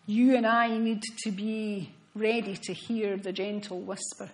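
A woman preaching a sermon in an earnest, reflective way, often dropping to soft, hushed tones. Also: mid-range voice, steady tone, unhurried, poor audio.

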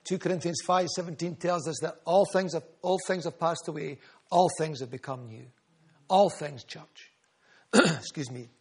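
A man preaching with a high, ringing voice. He is fervent and repetitive, building his phrases in waves and calling on congregation members by name. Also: normal speed, slightly rough. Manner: rhythmic repetition, builds in volume. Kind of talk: sermon.

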